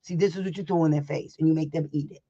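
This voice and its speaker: Coaching parents online in a loose session, this blunt, emphatic advocate swears freely, laughs a lot and plays both sides of a school meeting, drilling points through repetition. The mid-range voice is steady, quick, warm and slightly rough. The recording sounds a bit dull and lo-fi.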